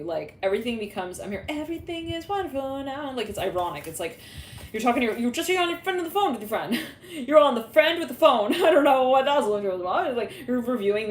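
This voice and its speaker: A woman talks through a tarot reading in a loose, rambling way, laughing often and slipping into little acted-out voices for the people she imagines. Her voice sits at a middle pitch. The room around her is echoey, with a faint hum underneath. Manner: rambling, giggly, acts out imagined dialogue. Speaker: tarot reader. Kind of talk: casual tarot reading monologue.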